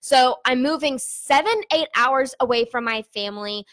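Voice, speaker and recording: A young woman with a high voice talks straight to her viewers in a casual vlog. She is candid, chatty and openly emotional, and treats her audience like close friends. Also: moderate pace, fairly bright tone. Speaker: online business owner giving an income report. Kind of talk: casual to-camera vlog talk.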